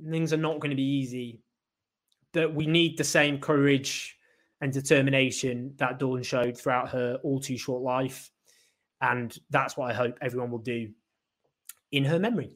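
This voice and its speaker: A British man hosting a live political show alone, speaking passionately with frequent restarts and fillers. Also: a little high. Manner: impassioned, halting with restarts. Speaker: show host. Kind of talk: solo live political commentary.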